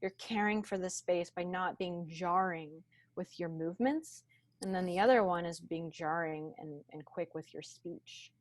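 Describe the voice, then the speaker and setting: This is a woman guest on a podcast interview, talking over a video call. Her voice sits slightly low, and she speaks slowly and with intention. Her tone is reflective and teacherly. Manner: slow, deliberate, grounded delivery.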